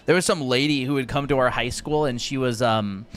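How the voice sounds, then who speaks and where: A man teaching art on a casual live stream, relaxed and chatty, with fillers and asides to his viewers. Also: mid-range voice, brisk, clear, resonant tone. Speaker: art instructor.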